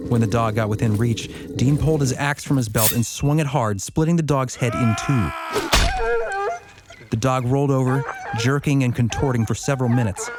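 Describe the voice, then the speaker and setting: A man's voice: mid-range voice, moderate pace, very noisy. A man hosting a podcast, reading a story aloud and chatting casually, laughing easily. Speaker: podcast host.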